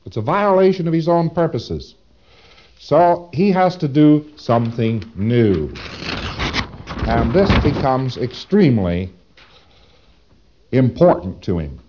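A man's voice: mid-range voice, big pitch swings, takes it slowly, pauses often, highs cut off, noisy background. A man giving a lecture, speaking dramatically with rhetorical questions and acting out his examples. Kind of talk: recorded lecture.

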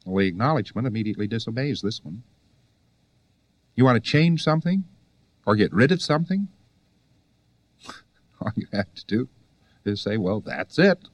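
A man's voice: on the low side, lively intonation, moderate pace, pauses often, no echo. A man giving a conversational lecture to students, full of rhetorical questions and wry asides.

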